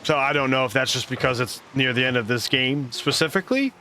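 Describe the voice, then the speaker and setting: A man casting a live esports match in a lively play-by-play, laughing often and going off on rambling asides. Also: medium pitch, fast, soft background music. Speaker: esports co-caster.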